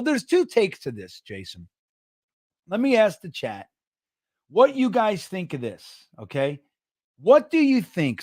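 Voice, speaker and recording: A man's voice: high-pitched, no room sound, clean studio sound. A middle-aged man hosting a casual livestream show, rambling and cursing as he reads out the live chat. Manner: rambling, profane, excitable. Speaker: podcast host reading live chat.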